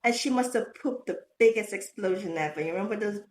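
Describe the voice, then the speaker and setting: A middle-aged woman, a podcast guest, telling stories about motherhood in a lively way, laughing often and acting out quotes. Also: medium pitch, quick pace, slight background noise. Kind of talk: casual storytelling interview.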